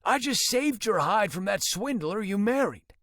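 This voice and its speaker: A man's voice: high voice, lively intonation, measured pace, fairly bright tone, no echo, studio quality, pitched above the performer's own voice, exaggerated voice. A man voicing a smug adult brother who defends himself self-righteously. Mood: defensive.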